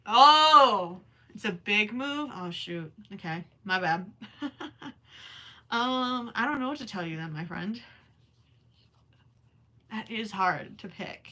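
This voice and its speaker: A young woman chats with her viewers on a crochet livestream, her voice bright and clear. She is talkative and easily distracted, and keeps breaking off to count her stitches under her breath. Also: mid-range voice, animated, a little slow. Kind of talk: casual livestream chat while crocheting.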